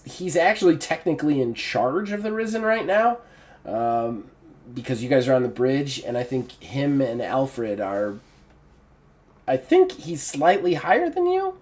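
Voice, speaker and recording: A man's voice: mid-range voice, darkish tone. A man narrating a tabletop game as game master in a casual, rambling way. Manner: casual, rambling with fillers and restarts.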